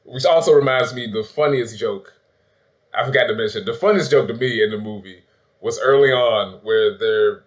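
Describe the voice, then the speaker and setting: A man's voice: medium pitch, fairly bright tone. Profane man recapping a movie. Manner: loose and profane, acts out quotes with laughs. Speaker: host of a movie review channel. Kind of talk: casual spoilery movie review chat.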